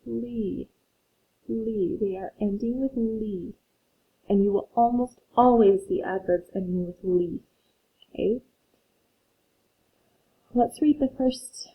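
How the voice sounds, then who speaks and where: A woman teaching phonics to young children has a slightly rough, somewhat high voice. She patiently and slowly reads them a story and explains syllables, all captured in tinny, phone-like audio.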